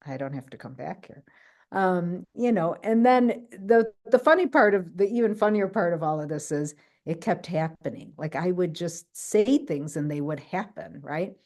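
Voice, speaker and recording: A woman telling a personal story on a video call, animated, often checking in with "right?" and acting out what others said. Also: fairly low pitch, normal speed, few pauses. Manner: acts out other people's quoted lines. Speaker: guest speaker. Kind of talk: personal story in an online talk.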